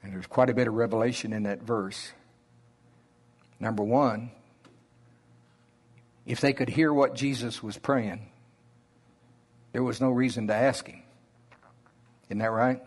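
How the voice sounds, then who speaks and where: A man preaching a sermon in a slow Oklahoma drawl, deliberate and conversational. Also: medium pitch, fairly even intonation.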